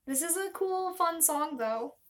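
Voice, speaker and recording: High-pitched young woman rambling on a stream, slow and self-deprecating. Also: animated, fairly bright tone. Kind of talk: casual live-stream chat.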